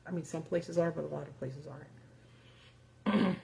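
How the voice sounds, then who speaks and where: A woman with a low, mellow voice hosts a live stream. She talks off the cuff, profane and sarcastic, with plenty of ums and likes as she reads things out. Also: normal speed, gravelly. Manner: casual and profane, sarcastic asides, many fillers. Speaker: host of a live video. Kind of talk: casual live-stream commentary.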